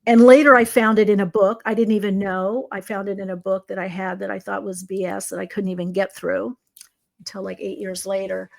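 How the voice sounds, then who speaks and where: A woman's voice: medium pitch, little pitch movement, brisk, creaky. A middle-aged woman in a casual conversation, telling stories animatedly as a psychic guest. She acts out the dialogue she quotes and often restarts her sentences. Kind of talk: casual storytelling. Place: video conversation.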